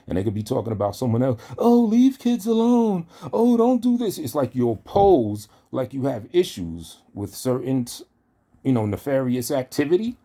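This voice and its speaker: This man speaks at medium pitch with a warm, slightly rough tone. As an online commentator, he delivers a confrontational callout full of profanity, talking straight to the person he's targeting.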